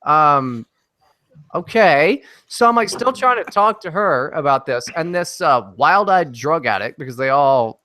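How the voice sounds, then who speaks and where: A man on as a guest in a casual podcast chat, telling a story in a brash, profane, animated way. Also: a little high, a little slow.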